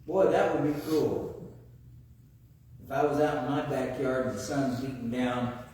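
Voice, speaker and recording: A man's voice: medium pitch, fairly even intonation, unhurried, a little mellow. A man preaching a sermon in a conversational way, often asking his congregation rhetorical questions. He is recorded in a church sanctuary from a distance. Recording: echoey church hall, far-off mic.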